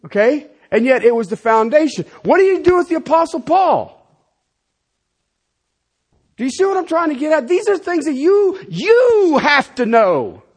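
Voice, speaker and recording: A middle-aged man preaching a sermon as a pastor, emphatic, swinging between loud declarations and quiet asides. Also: very high-pitched, big pitch swings, moderate pace.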